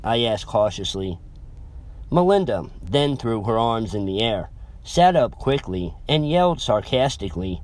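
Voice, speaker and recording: A man's voice: on the low side, sing-song, unhurried, dry recording. A man narrating a first-person story in a chatty, rambling way with self-aware asides.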